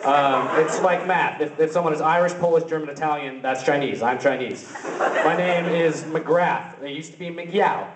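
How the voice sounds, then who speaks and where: Young male stand-up comic, high voice, rambling absurd delivery, caught from afar in a roomy space. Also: moderate pace. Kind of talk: open-mic stand-up comedy. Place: open-mic venue. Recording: roomy, distant, noisy camera recording.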